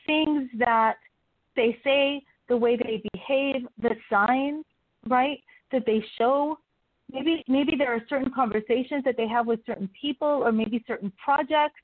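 A woman's voice: high-pitched, no echo. A woman guest coach in an interview, giving advice with frequent laughs and acting out sample questions. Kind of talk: interview conversation. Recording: tinny phone-like call audio, dry.

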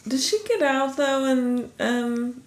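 Slow-talking woman, echoey room. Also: high voice. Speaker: podcast co-host. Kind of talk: casual chat. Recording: echoey room with faint noise.

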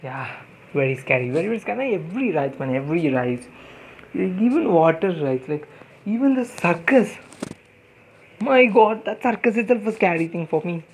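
A man's voice: sits high, expressive, normal speed, slight background noise, poor audio. A young man with an Indian English accent, telling a casual story with many fillers, restarts and repeated words. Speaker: podcast host.

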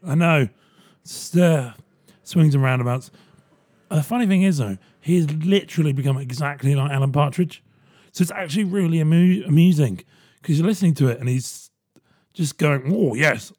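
Man, podcast host, husky voice, slightly high, sardonic and rambling. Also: darkish tone. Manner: rambling, sardonic, swears freely. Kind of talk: casual solo podcast monologue.

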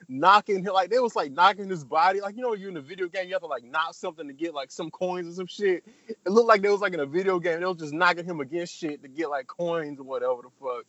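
A man with a high, slightly bright voice talks fast in a casual chat about an old film, rambling, swearing, and acting out scenes in different voices. The lo-fi recording sounds dull but has no echo.

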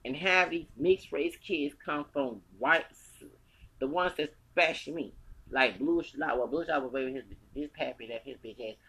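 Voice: medium pitch, moderate pace, a bit bright, slightly rough, low-quality recording. An American podcast host in their forties, ranting in a profane, confrontational, repetitive way. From United States. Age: 40s.

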